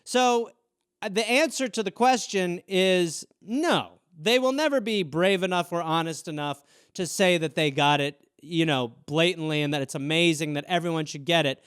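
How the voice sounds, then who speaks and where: Profane high-voiced man riffing. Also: normal speed, fairly bright tone, smooth, no echo, studio quality. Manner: profane, rambling, acts out inner voices. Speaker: podcast host. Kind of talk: casual solo riffing.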